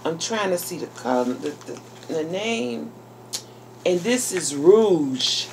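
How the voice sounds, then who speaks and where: This is a woman vlogging an unboxing in an effusive, gushing way, and she calls her viewers "y'all" and "girl." Her pitch swings up and down a lot, but she speaks at an unhurried pace. Faint noise sits under her voice. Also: lively intonation, low-quality recording. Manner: effusive and exclamatory, gushing with delight. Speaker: YouTuber. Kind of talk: casual unboxing vlog.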